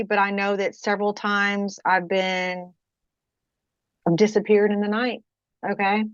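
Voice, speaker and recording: A woman from Kentucky giving a personal testimony in an interview, halting, restarting her sentences and often checking in with the listener. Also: mid-range voice, no echo, highs cut off. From Kentucky, USA. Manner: halting, frequent restarts, keeps checking with "okay?". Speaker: guest.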